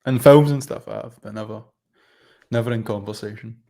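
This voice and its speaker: A man's voice: lowish voice, fairly quick, vocal fry, mellow. A man chiming in with short, laid-back reactions during a casual chat with a friend. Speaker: co-host friend.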